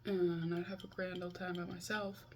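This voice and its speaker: A woman's voice: lowish voice, flat delivery, moderate pace, slight background noise. A woman in her twenties talking casually in a confessional vlog, chatty and self-mocking, scolding herself as she goes. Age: 20s. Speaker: vlogger. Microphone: video call.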